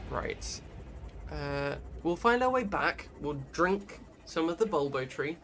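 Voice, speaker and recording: A man's voice: a little high, lively intonation, takes it slowly, a bit bright. A man giving rambling, casual commentary while streaming a game and reading out chat messages. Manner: chatty, rambling, reads chat aloud. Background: game music.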